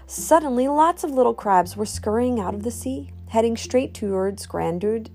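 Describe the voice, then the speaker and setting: A woman reading a children's storybook aloud in an expressive, animated way. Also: on the high side, normal speed.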